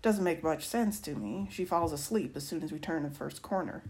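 A woman, a teacher, reading a novel aloud in an expressive first-person voice. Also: sits low, moderate pace.

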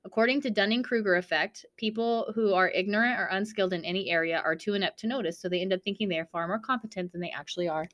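A young woman co-hosting a podcast in casual chat, dramatic and quick to swear while reading trivia aloud. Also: mid-range voice, fairly bright tone. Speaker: podcast co-host.

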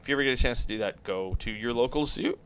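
A man hosting a podcast, talking casually about hockey in an animated, rambling way and swearing now and then. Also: mid-range voice, rapid-fire, gravelly, smooth. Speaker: podcast host.

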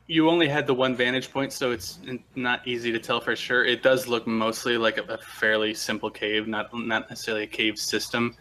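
A man with a mid-range voice serves as game master for a tabletop game, narrating in a relaxed, halting manner.

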